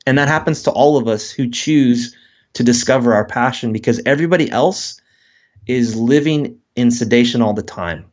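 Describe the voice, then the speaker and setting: A man's voice: medium pitch, moderate pace, highs cut off. A man, a guest author, speaking in a casual interview and acting out quoted voices as he talks. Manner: animated, acts out quoted voices.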